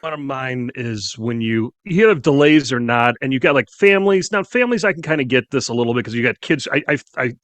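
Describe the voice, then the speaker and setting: A man's voice: mid-range voice, animated, fairly quick, hardly any pauses, a bit bright, no room sound. A man on a podcast panel, grumbling through his complaints. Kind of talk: roundtable chat.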